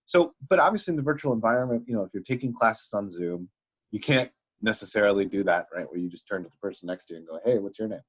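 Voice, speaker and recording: A young man co-hosting a casual podcast chat, talking in an animated way and acting out the people he quotes. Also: fairly low pitch, fast, breathy edge. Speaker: podcast co-host. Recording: online call audio.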